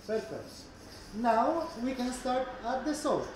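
A man with an Italian accent, a chef calmly explaining each step of a dough demonstration. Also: extremely high pitch, takes it slowly, very echoey, slight background noise, rough recording. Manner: calm instructive, short encouraging words. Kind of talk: cooking demonstration.

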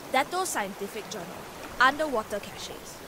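A woman voicing a stubborn young girl inventor who reads her journal in a flat, matter-of-fact way, in game audio with rain and stream noise. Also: a little high, moderate pace, close to an everyday voice. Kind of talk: game voice acting.

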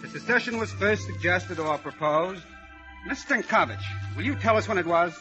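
A man's voice: high voice, moderate pace, bright, forceful tone, soft background music. An actor playing a formal professor questioning his class, in 1930s radio drama style. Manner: formal, lecturing. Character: middle-aged male professor, formal lecturing. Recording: dull old radio recording.

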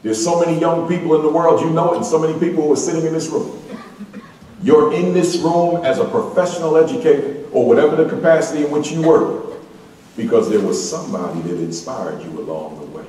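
At a school staff opening meeting, a male motivational speaker delivers an emphatic, repetitive keynote and leads the crowd in call-and-response chants. His voice is fairly high, brisk, and mellow. The recording comes from a large, echoey hall or auditorium with the mic far off and slight background noise.

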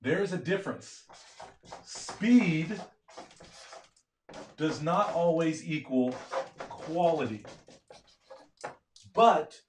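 A man giving a live online lecture from his office at home, energetic and often asking his listeners questions. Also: fairly high pitch, drawn-out words, long pauses, roomy sound, a little hiss or hum. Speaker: medical education lecturer.

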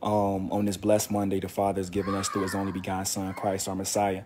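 A man's voice: deep voice, completely flat delivery, fast, background noise. A man giving an earnest, repetitive faith exhortation to his channel, a little out of breath from walking.

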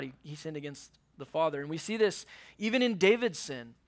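High, bright-voiced young man preaching. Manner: earnest preaching, acts out quotes, drops to a hush on key words. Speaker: youth pastor. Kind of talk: sermon. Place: church youth service.

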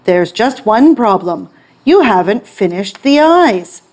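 A woman voicing a stern, impatient male emperor in a storybook reading, commanding and snappish in manner, at a slow, unhurried pace. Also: mid-range voice, very animated, darkish tone.

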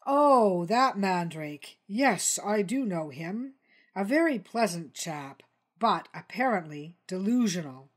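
A woman's voice: mid-range voice, lively intonation, takes it slowly. Woman doing a huffy male t-rex mogul, pompous, blustery, storybook reading. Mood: dismissive. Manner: indignant, blustering.

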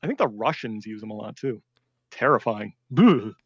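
A man, a veteran, telling war stories in a rambling casual chat, often laughing and swinging between deadpan and excited. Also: on the low side, fairly quick, slightly rough, no room sound, dull audio. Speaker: veteran storyteller.

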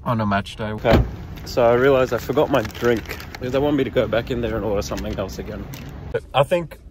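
A man's voice: mid-range voice, brisk, background noise. A young man with an Australian accent hosting a casual sports vlog, upbeat and jokey. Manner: upbeat, jokey, self-deprecating. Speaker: sports vlogger host. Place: car and outdoors around a stadium.

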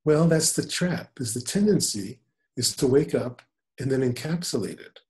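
A man in his seventies, a spiritual teacher talking in an unhurried, gentle storytelling manner. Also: medium pitch, lively intonation. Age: 70s. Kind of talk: spiritual conversation.

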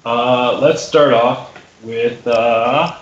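A man's voice: steady tone, extremely slow, highs cut off, a little hiss or hum. Playful, hesitant man in an echoey room. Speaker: player. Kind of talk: tabletop game play. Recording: echoey low-fi sound with faint music.

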